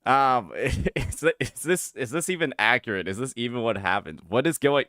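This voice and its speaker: A man's voice: medium pitch, animated, normal speed, hardly any pauses, bright, forceful tone, dry recording, clean studio sound. A man streaming a reaction to a video, talking casually and hesitantly, often restarting his sentences and asking questions.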